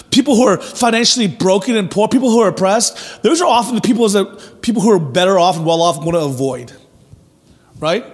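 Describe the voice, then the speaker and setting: Male pastor, sermon, fairly high husky voice, conversational and animated, long hall reverb. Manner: conversational, animated preaching with acted-out asides.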